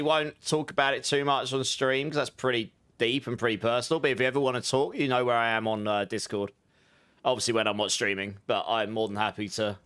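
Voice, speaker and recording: Smooth-voiced man chatting with his stream. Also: medium pitch, a bit bright. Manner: chatty, laughs often, greets chat by name. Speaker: game streamer. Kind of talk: casual livestream chat with viewers.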